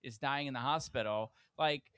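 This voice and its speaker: A man co-hosting a podcast in casual chat, talking in halting bursts full of restarts. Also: medium pitch, bright, forceful tone, clear, resonant tone, dry recording. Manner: halting, restarts often, then laughs. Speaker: podcast co-host.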